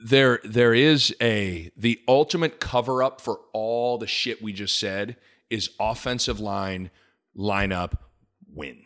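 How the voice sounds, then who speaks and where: A man hosting a casual sports podcast, animated and joking, with rambling asides. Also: fairly low pitch, slow. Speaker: podcast host.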